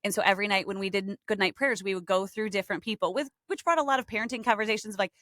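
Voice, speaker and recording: A woman in her thirties, a hair stylist, chatting as a podcast guest and telling lively stories. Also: medium pitch, racing, no echo, clean studio sound. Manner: chatty, animated storyteller. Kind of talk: casual podcast chat.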